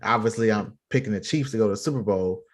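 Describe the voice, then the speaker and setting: A man co-hosting a live show, calmly explaining his fantasy football strategy in casual chat. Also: lowish voice, quick pace. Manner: explains his own picks in an even, matter-of-fact way. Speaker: podcast co-host.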